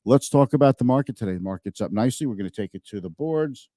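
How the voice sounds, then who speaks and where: A man's voice: medium pitch, expressive, fast talker, mellow, no room sound. A man hosting a finance show, giving casual market commentary in a chatty, thinking-aloud way and often correcting himself mid-sentence.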